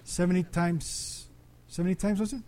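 A man's voice: high-pitched, steady tone, moderate pace, mellow. A man preaching a conversational sermon as pastor, often asking the congregation questions.

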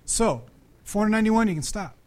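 A man's voice: high-pitched, lively intonation, brisk, a little mellow. A man preaching a conversational sermon as pastor, often asking the congregation questions.

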